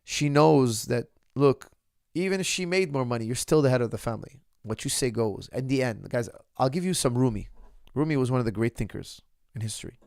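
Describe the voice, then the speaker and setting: Gravelly-voiced man coach talking to viewers. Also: mid-range voice, expressive, fairly quick, darkish tone, no room sound, studio quality. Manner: opinionated, addresses viewers as "guys", restarts often. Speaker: martial arts coach. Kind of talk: casual monologue to viewers.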